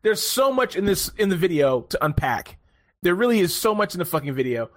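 A man hosting a casual podcast chat, telling stories in an animated way, swearing freely and laughing often. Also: high-pitched, fairly quick. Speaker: podcast host.

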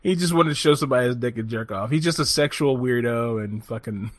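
A man telling a long story in a profane, animated way, often laughing as he talks in casual chat. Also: mid-range voice, fast, no echo, studio quality.

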